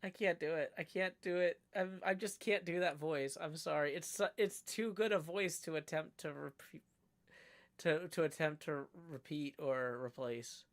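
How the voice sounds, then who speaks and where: A man's voice: on the high side, normal speed, no echo. A man from Nashville, chatting casually on a livestream in a rambling, self-deprecating way. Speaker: streamer.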